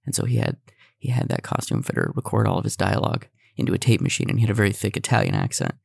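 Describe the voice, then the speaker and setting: A man's voice: lowish voice, huge pitch swings, gravelly, dry recording, studio quality. A man co-hosting a podcast in casual chat, joking around with film references. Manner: jokey, quick with film references. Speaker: podcast co-host.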